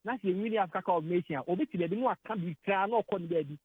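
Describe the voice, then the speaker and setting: A man's voice: high-pitched, rapid-fire, breathy edge, narrow, tinny audio. A man with a Ghanaian accent talking sports on the radio, getting emotional, hesitating and repeating words as he switches between Twi and English. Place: radio studio.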